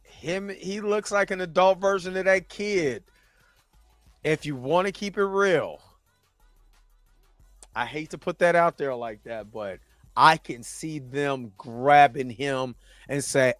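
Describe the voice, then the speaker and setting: A laid-back man hosts a livestream and chats casually with his viewers, his voice sitting fairly high. He is recorded on a dry, close mic with faint music playing underneath. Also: slow, pauses often, fairly bright tone, dry recording. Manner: laid-back, chatty, often laughing and trying voices. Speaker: livestream host reading chat.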